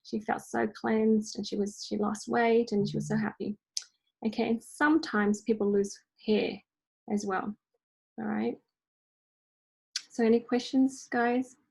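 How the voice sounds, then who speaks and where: Chatty husky woman leading a workshop. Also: fairly high pitch, little pitch movement, unhurried, long pauses, a little mellow, low-quality recording. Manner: chatty, checks in with "okay?" and "right?". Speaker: energy healing workshop host. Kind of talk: casual online workshop talk. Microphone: online workshop recording.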